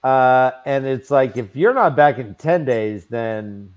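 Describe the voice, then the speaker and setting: A man's voice: medium pitch, expressive, slow pace, muffled recording, a little hiss or hum. A man hosting a casual book discussion podcast, reading passages aloud with playful mock voices and laughing often. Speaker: podcast host.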